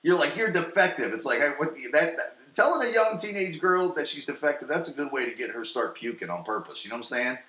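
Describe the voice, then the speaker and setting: A man in his forties hosting a podcast from his basement, recapping an episode in a rambling, profane, excitable way. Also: a little high, quick pace, few pauses, echoey room. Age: 40s. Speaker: podcast host. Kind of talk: casual solo recap. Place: home basement.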